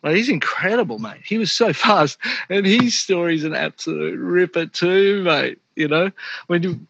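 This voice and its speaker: A man's voice: high voice, normal speed, vocal fry, a bit bright, no echo, lo-fi sound. A middle-aged man with an Australian accent, telling stories in a casual interview, laughing often and saying "mate" a lot. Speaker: interview guest, former pro surfer. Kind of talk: casual storytelling.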